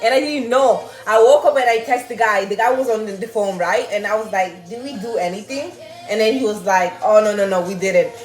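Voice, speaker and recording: A young woman, telling a story casually to her viewers in an animated, swearing manner and laughing often. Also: mid-range voice, brisk. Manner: animated, swearing, laughing, reading chat aloud. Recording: roomy with faint music.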